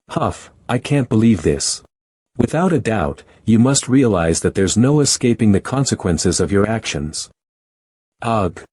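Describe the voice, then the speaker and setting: A man reading a scripted story recap, voicing every character in the same steady, even narration. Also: fairly low pitch, husky, no room sound.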